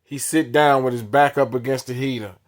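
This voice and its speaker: A man's voice: medium pitch, steady tone, a little fast. Blunt man telling a story. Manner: acts out dialogue with many quoted lines; repetitive, blunt, punchy phrasing. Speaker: storyteller recounting his past. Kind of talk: casual spoken storytelling.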